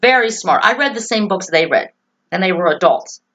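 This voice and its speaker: A woman's voice: on the low side, expressive, moderate pace, a bit bright, poor audio. A woman vlogging to camera about her own life and opinions, earnest, emotional and opinionated. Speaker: political vlogger. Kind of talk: personal talk to camera.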